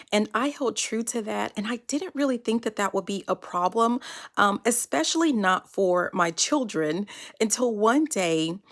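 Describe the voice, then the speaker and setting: A woman's voice: medium pitch, fairly bright tone. A woman telling a personal parenting story in a casual, chatty way, with many fillers. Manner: chatty and conversational, with frequent fillers.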